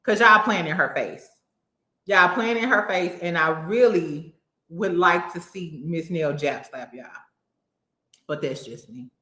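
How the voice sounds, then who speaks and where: A woman's voice: fairly low pitch, a little slow, sharp tone. Sassy blunt woman in a roomy space. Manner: blunt, sassy, cursing, mocking impressions. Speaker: reality TV commentary host. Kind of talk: casual opinionated commentary.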